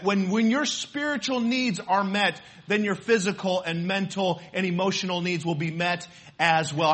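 High, bright-voiced male preacher. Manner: conversational, asks the congregation questions. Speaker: pastor. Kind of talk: sermon with personal story.

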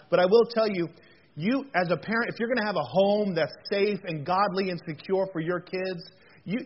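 In a muffled lo-fi recording, a pastor with a high-pitched, breathy-edged voice preaches a sermon. He is earnest and folksy, often repeating words and stumbling into joking asides.

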